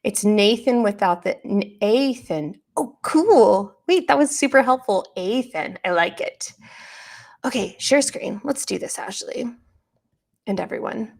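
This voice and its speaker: A woman hosts a live reaction stream, chatting casually and reading viewers' messages aloud. Her voice sits at a middle pitch but runs low on energy, with a light rasp near vocal fry. She talks loosely and gets sidetracked easily. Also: lively intonation, measured pace, darkish tone. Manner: chatty and easily distracted, reads chat aloud.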